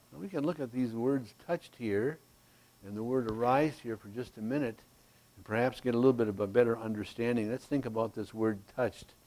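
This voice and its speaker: A man preaching a sermon, teaching verse by verse in a slow, emphatic way and checking in with "Okay?". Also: mid-range voice, a little mellow, rough recording. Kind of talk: expository sermon.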